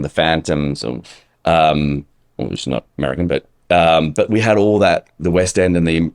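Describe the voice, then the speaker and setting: Australian male guest, extremely low voice, dry close mic, chatty and self-deprecating. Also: no room sound. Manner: chatty, self-deprecating storytelling with many ums. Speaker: guest, musical theatre actor. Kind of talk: casual interview chat.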